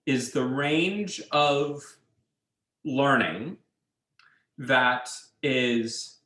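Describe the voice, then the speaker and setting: A male instructor lectures at a slow, deliberate pace, laying out each idea in careful steps. He checks in with his students as he goes. His voice carries a roomy echo from the classroom. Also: medium pitch, fairly bright tone. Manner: measured, explains step by step, checks in with students. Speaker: university instructor.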